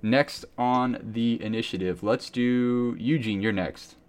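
A man narrating a tabletop game as game master, in an animated storytelling manner. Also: medium pitch, takes it slowly, smooth, soft background music.

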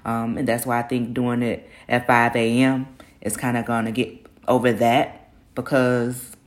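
Speaking unhurriedly in a rumbling low register with little pitch movement, a middle-aged woman hosts her own casual podcast. Early-morning grogginess colors her voice as she chats candidly in slangy, self-encouraging terms, not hiding her nerves.

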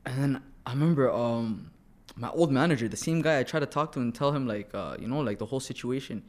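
A young man from the Toronto area, a podcast guest telling stories in an animated, slangy way with frequent laughs. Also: medium pitch, fast talker. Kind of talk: casual storytelling.

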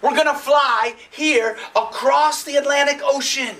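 An animated male storyteller spins fables for children, quizzing the crowd and barking like a dog. His voice sits very high and bright, and it is picked up from a distance. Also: measured pace, a little hiss or hum. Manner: animated, playful, with sound effects and audience questions.

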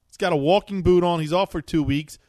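A man's voice: sits high, fairly quick, mellow, a little hiss or hum. A man co-hosting a sports talk show, laid-back and agreeable, calling his friend dude. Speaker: podcast co-host. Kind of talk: casual sports chat.

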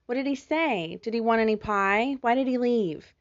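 A woman's voice: fairly high pitch, moderate pace, no room sound, muffled recording, voice pushed up, natural voice. A woman voicing a little girl fox kit who fires off questions in a storybook reading. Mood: curious.

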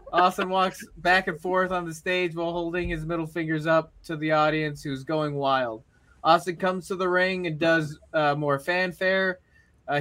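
Guy narrating a wrestling show, high bright voice, laughs a lot, lots of uhs. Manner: energetic, laughs often, many fillers. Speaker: storyteller running a wrestling role-play.

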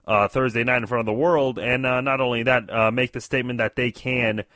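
A man calling in to a sports show, talking through his opinions with a bright, forceful tone. He hesitates a lot and restarts his sentences. The sound is dry and close, with no room around him. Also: medium pitch, steady tone, a little fast, no echo. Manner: hesitant, many fillers and restarts. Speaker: caller, fellow show host. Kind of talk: casual phone-in sports commentary.

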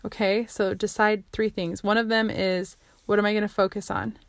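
Rambling, excitable woman vlogger. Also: mid-range voice, moderate pace, vocal fry, no room sound. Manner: rambling and excitable, many fillers, self-interrupting. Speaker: vlogger sharing what she learns. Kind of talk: casual self-recorded monologue.

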